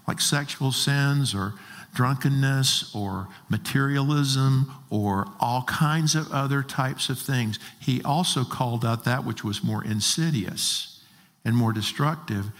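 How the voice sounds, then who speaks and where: Male pastor, mid-pitched, emphatic sermon delivery with pointed questions; echoing hall. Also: a bit bright. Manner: emphatic preaching with rhetorical questions. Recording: long reverb of a large hall.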